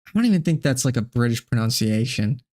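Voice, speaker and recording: A man's voice: mid-range voice, animated, fast, darkish tone. A man hosting a live stream, reacting to clips with profane, exasperated rants. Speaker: streamer host.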